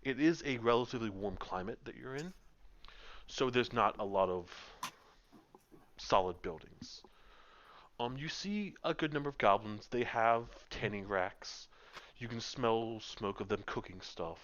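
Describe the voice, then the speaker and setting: Over muffled voice-chat audio, a man runs a tabletop game as game master, speaking a little slowly in an expressive, medium-pitched voice with a fairly bright tone. His scene descriptions run long and are full of ums.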